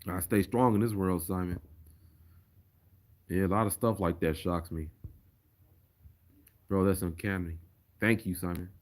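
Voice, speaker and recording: A man's voice: low-pitched, steady tone, a little slow, long pauses. A man chatting casually on a livestream and reading viewer comments aloud. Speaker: streamer.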